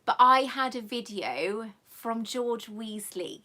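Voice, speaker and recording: A woman's voice: fairly high pitch, slow, pushed and bright. A woman hosting a live stream, chatting affectionately with viewers in a rambling, emotional way and coming close to tears. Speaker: channel host.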